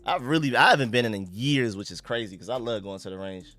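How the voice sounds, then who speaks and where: A young man from the United States hosting a live stream, chatting casually and shouting out viewers and donations. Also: medium pitch, fast, no room sound, faint music behind. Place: home room.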